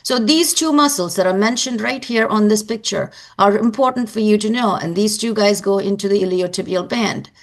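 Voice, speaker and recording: Woman, anatomy lecturer, gravelly voice, repeats key points, explanatory teaching style. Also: medium pitch, moderate pace, few pauses.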